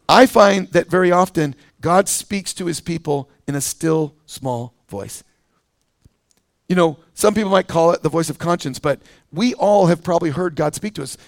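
A man's voice: high voice, no room sound, studio quality. A male pastor preaching a sermon in a conversational way, with fillers, restarts and scripture read aloud.

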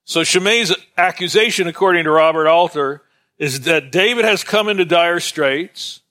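A man's voice: fairly high pitch, normal speed, pushed and bright. A man teaching an informal Bible lesson in a conversational, digressive way with many fillers.

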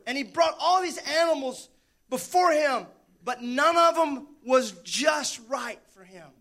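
A man preaching with a high, bright voice. He is animated and jokes with his listeners as he works through his sermon. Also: measured pace. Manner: animated, joking with the congregation. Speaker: pastor.

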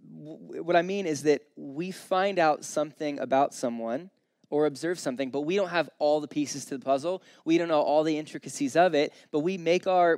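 A man's voice: a little high, darkish tone, no echo, studio quality. A young man preaching a sermon in a casual, conversational way, telling stories and briefly acting out the people in them. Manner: casual, storytelling, voices the people in his stories. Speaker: pastor.

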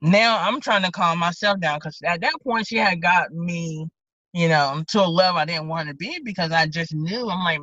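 Lively Southern woman deputy telling a story. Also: on the low side, moderate pace, no echo. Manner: animated, acts out both sides of conversations. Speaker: county deputy sheriff. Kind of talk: casual interview storytelling. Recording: dull lo-fi podcast audio.

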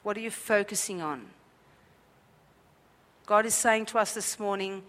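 A woman's voice: mid-range voice, measured pace, pauses often, a bit bright, long reverb tail. A woman preaching a sermon at a church service, emphatic and repetitive, with many rhetorical questions.

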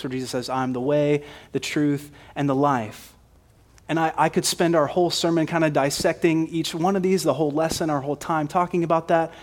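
Conversational male preacher with a slightly high voice. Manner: conversational, emphatic, frequent repeats; poses rhetorical questions. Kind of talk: sermon.

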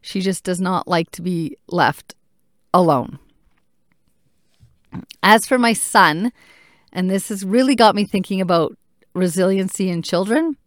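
A woman in her thirties, a mother speaking candidly and reflectively, thinking aloud with pauses. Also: mid-range voice, dry recording, studio quality. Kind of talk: personal talk to camera.

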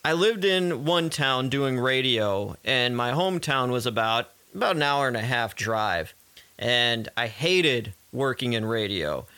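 A man's voice: medium pitch, lively intonation, unhurried, pushed and bright, smooth, dry recording. A man who works as a radio DJ, hosting a casual interview, asking questions and laughing along. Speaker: radio DJ host.

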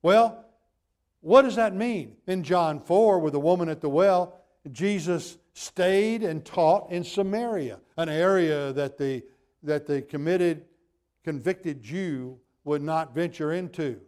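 A pastor delivers a sermon in a somewhat high voice for a man. He stacks phrases on top of one another and leans hard into each repetition. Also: slow, darkish tone. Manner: emphatic preaching with building repetition.

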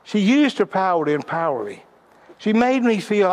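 A man's voice: high-pitched, very animated, moderate pace. A middle-aged man giving sermon-style leadership teaching, telling stories and often repeating words as he restarts his sentences.

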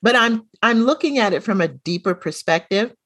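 Middle-aged female co-host, chatty and animated, dry close-mic sound. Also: medium pitch, normal speed, no room sound. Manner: animated storyteller, acts out quoted dialogue. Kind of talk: casual chat, storytelling.

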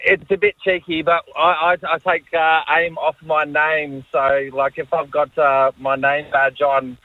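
A man's voice: a little high, flat delivery, a little slow, no room sound. Austrian-born male caller on a phone line. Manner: easygoing, hesitant.

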